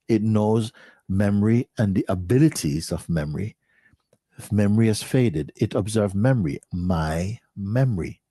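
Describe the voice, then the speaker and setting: Low husky-voiced man teaching slowly. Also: lively intonation, dry recording, studio quality. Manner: slow, repetitive, questioning, drops to soft near-whispers. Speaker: spiritual teacher. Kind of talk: spiritual talk to listeners.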